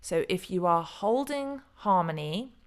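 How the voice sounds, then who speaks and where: Chatty middle-aged woman, slightly low voice. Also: lively intonation, measured pace, clear, resonant tone. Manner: chatty, rambling, stumbles over names. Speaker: crypto video host. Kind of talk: casual solo commentary.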